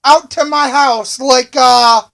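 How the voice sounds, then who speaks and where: Brief: high-pitched man, slow delivery, indignant repetitive rant straight to camera. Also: fairly even intonation, creaky, a bit bright. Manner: repetitive, indignant, repeats phrases again and again. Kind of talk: angry ranting monologue.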